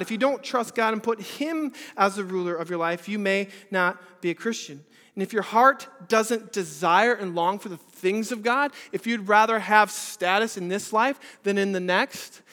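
A male pastor with a high voice preaches earnestly at normal speed with few pauses, his words echoing around a reverberant hall. He poses question after rhetorical question during the church service, alternating loud and soft.

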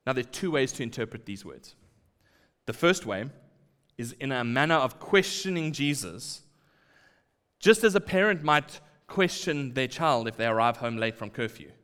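A man preaching a sermon, acting out quoted lines and dropping to quiet asides. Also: medium pitch, expressive, normal speed, smooth. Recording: long hall reverb.

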